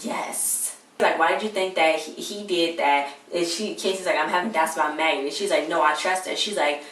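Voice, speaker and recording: A woman's voice: deep voice, moderate pace, a bit bright. A woman casually recapping a TV episode, chatting away and retelling scenes with quoted lines. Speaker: TV episode reviewer. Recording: echoey room, far from mic.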